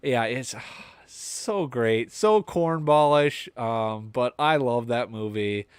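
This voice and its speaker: Smooth-voiced man in casual podcast chat. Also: mid-range voice, expressive, takes it slowly, no room sound. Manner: rambling, enthusiastic movie talk. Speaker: podcast co-host.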